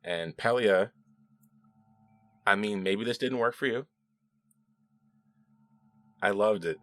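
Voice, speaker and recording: A man with a fairly low voice talks through a TV episode review in a loose, chatty way. He is sarcastic and drops into mocking voices when quoting lines. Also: slow pace, a bit bright, faint music behind. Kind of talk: casual solo review commentary.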